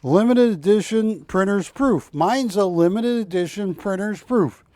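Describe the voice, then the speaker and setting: A high-pitched, mellow male voice, recorded with no echo, moves along at an unhurried pace. He's selling art prints on a live shopping channel, bantering with the studio crew and drifting into jokey, rambling asides as he delivers his TV pitch.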